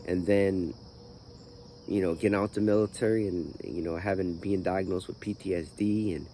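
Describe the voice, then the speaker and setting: A man with a low, fairly even voice talks at a normal speed in a warm tone, with slight background noise. Hosting his own channel, he rambles through his life story in a groggy morning voice, full of "you know" fillers, in personal vlog style.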